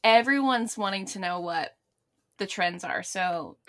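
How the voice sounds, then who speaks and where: A woman's voice: mid-range voice, fairly bright tone. A young woman from the United States co-hosting a casual chat podcast, joking playfully and laughing easily. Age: young adult. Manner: playful joker, quick to laugh. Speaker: podcast co-host.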